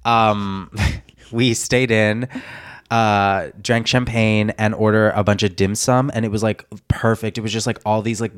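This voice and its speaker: Playful low-voiced young man co-hosting. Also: little pitch movement, measured pace, clean tone, no room sound, studio quality. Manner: playful, gossipy and campy. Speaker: podcast co-host. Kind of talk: casual chat.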